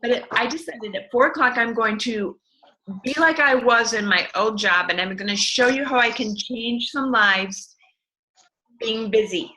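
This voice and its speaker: A middle-aged woman tells her story as an interview guest. She speaks with passionate, motivational energy, sometimes launching into an animated rant. Her voice is bright and forward, pitched a little high. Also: unhurried, poor audio. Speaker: network marketing distributor, guest. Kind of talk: enthusiastic motivational interview talk.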